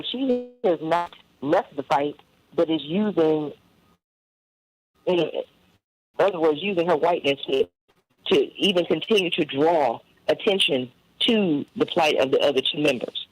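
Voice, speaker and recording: Guy on talk radio, slow and emphatic, kinda high voice. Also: low-quality recording. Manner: emphatic, agreeing readily, slow and deliberate. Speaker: radio show guest. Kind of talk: casual talk radio discussion.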